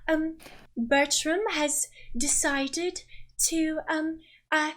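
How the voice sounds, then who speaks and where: A woman's voice: sits high, little pitch movement, extremely slow, a bit bright, slight background noise, pitched above the performer's own voice, exaggerated voice. A woman voicing a dramatic, glamorous older noblewoman in a tabletop game, speaking in a theatrical, gracious manner.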